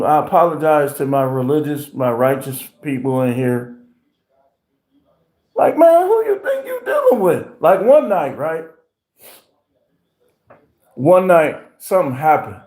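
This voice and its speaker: A man hosting a livestream, telling stories in a profane, animated rant with voiced impressions. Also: mid-range voice. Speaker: livestream host. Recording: roomy echo.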